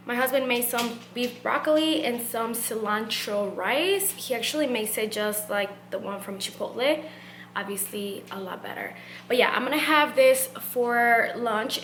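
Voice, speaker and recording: A woman's voice: fairly high pitch, very noisy. A young adult woman chatting casually and upbeat in a home vlog as a student, full of "like" and "literally". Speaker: student vlogger. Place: at home, indoors.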